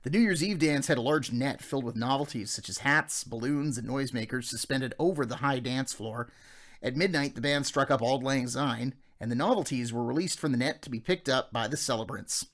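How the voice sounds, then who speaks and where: A man's voice: medium pitch, fairly quick, a bit bright. Man narrating a nostalgic memoir. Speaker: audiobook narrator.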